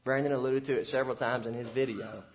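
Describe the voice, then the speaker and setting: A young man preaching a sermon to parents, earnest and exhorting, moving between loud appeals and hushed, intimate passages. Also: medium pitch, fairly even intonation, fast, slight background noise. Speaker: pastor.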